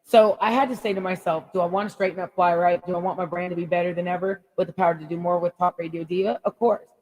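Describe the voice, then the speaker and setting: A woman life coach giving an animated motivational radio talk, laughing often and acting out little quotes. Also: fairly low pitch, fast talker, big-room sound, poor audio.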